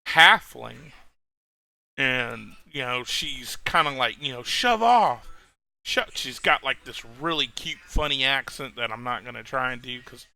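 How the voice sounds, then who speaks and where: A man's voice: medium pitch, a little slow, creaky, bright, forceful tone. A man narrating as game master of a tabletop game, rambling, with many fillers and restarts.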